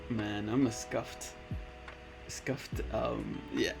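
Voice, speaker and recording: Slow and mid-range with vocal fry, a man in his late twenties streams live on Twitch against background music. He's relaxed and meandering, reading chat out loud and referring to people as "man" and "bud."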